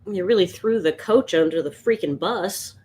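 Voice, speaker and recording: A woman's voice: lowish voice, normal speed, a little mellow, slightly rough. A woman chatting casually and rambling while she sketches on a live stream. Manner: rambling, chatty, laughs often. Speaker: art streamer.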